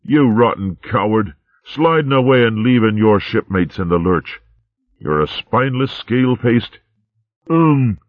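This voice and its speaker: A man's voice: lowish voice, lively intonation, a little slow, no room sound, pitched above the performer's own voice. A man voicing an angry male pirate sea rat in a storybook, ranting coarsely. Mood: furious. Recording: tinny narrow-band recording.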